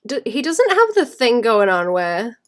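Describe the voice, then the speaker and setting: A woman who illustrates, chatting casually and thinking aloud while she draws, rambling and laughing softly. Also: on the high side, sing-song, measured pace. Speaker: illustrator streaming while drawing. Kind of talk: casual chat while drawing.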